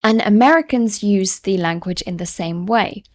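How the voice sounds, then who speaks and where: A woman with an English accent, an online tutor explaining English to learners, speaking clearly and slowing down to model words. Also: medium pitch. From England. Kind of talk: teaching to camera.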